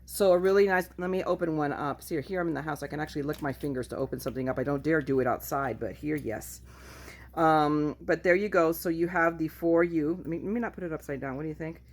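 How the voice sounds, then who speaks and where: Woman, craft vlogger, casual haul chat, goofy, self-mocking, lowish pitch, at home. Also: fast.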